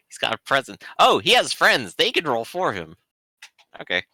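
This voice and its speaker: A man running a tabletop game, narrating in a relaxed, chatty way with fillers. His bright voice moves through a wide pitch range. The recording is dry and close. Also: normal speed, no echo. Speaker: game master.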